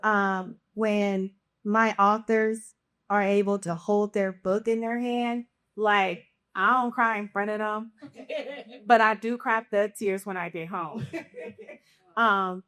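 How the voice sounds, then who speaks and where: A woman guest speaks slowly and earnestly in a relaxed podcast chat, pausing on fillers as she reflects. Her voice sits at an ordinary pitch. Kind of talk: casual podcast conversation.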